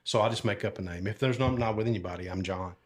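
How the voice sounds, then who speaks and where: This older Alabama man speaks rapid-fire in a fairly low voice. A retired sheriff's deputy and podcast guest, he rambles through life stories in a casual, folksy interview, dropping many fillers and asides.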